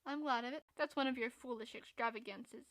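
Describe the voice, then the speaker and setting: A woman voicing a frank, spirited young woman who scolds in a brisk, reproving way. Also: a little high, fairly bright tone, lightly acted.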